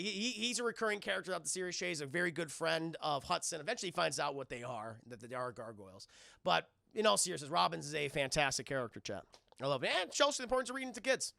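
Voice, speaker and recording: A man's voice: high voice, gravelly, sharp tone, no room sound, clean studio sound. A man recapping a cartoon episode on a livestream, swearing freely and talking to his chat throughout. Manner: profane, keeps addressing chat, retells scenes in voices. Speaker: cartoon reviewer streaming to chat.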